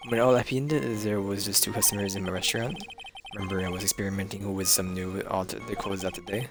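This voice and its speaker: A man's voice: lowish voice, fairly even intonation, brisk, natural voice. A man voicing a flamboyant male French chef in a put-on French accent, with game music behind. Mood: breezy. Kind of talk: reading game dialogue aloud.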